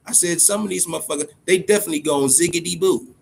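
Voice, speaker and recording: A man's voice: a little high, fast talker, gravelly, few pauses, slight background noise. A man hosting a casual boxing livestream, talking loosely and profanely and greeting viewers in the chat by name. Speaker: boxing podcast host.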